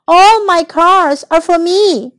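A woman voicing a possessive, whiny little boy pig in a storybook, with shrill stubborn refusals. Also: slow, a bit bright, dry recording, heavily acted.

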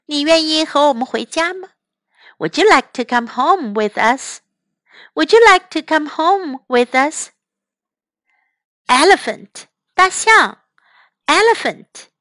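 Woman, kids' english teacher, high lively sing-song, slow, bright, dry close sound. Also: no echo. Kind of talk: bilingual storybook lesson.

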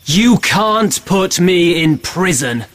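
A man's voice: high voice, expressive, takes it slowly, fairly bright tone, no room sound, voice pushed up, heavily acted. Ferdinand, a man doing a lovestruck young prince. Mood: earnest. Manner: earnest, emotive. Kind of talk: storybook reading.

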